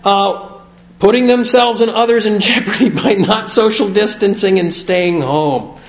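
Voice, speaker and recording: A man's voice: sits high, measured pace. A middle-aged man talking candidly to a group, reading from his notes and joking at his own expense. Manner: self-mocking, confessional, reads aloud from notes. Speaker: speaker sharing at a recovery meeting. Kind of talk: candid personal talk to a group. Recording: echoey room.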